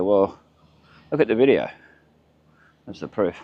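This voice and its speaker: Deep-voiced Australian man rambling outdoors. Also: expressive, unhurried. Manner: rambling, chatty, muttering asides. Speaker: vlogger. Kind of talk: walking vlog narration. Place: outdoors by a town waterfront. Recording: dull lo-fi camera audio with faint outdoor noise.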